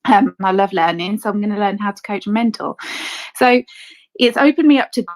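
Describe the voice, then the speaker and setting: A woman's voice: mid-range voice, a little fast, poor audio. Earnest woman coach sharing her story. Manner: earnest, reflective, upbeat. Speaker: guest speaker; coach and mentor. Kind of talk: casual chat.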